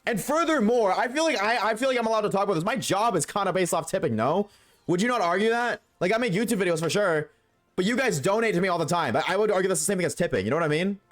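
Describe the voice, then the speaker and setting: A man's voice: high-pitched, quick pace. Blunt, swearing male streamer. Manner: animated, blunt, swears freely; chats with viewers while playing. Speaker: game streamer. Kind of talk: casual rant to live chat.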